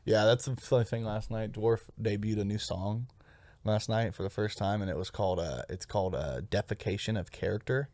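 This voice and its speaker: A man's voice: on the low side, fairly quick, a little mellow, no room sound. A man co-hosting a comedy podcast in casual, rambling chat, swearing freely and laughing often. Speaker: podcast co-host.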